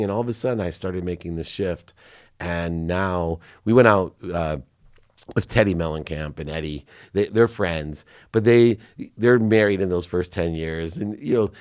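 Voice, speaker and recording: Deep-voiced man telling a candid story. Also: darkish tone, dry recording, studio quality. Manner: emotional, choking up at times. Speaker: podcast guest.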